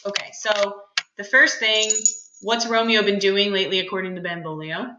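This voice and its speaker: A woman's voice: mid-range voice, little pitch movement, normal speed, dull audio, background noise. A woman teacher talking through a lesson in a casual, chatty way, with joking asides. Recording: roomy echo.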